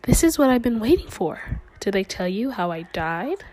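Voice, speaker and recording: A woman reading as a hushed ghost girl. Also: mid-range voice, sing-song, moderate pace, natural voice, rough recording. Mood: eerie calm. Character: ghost girl, calm and eerily sinister.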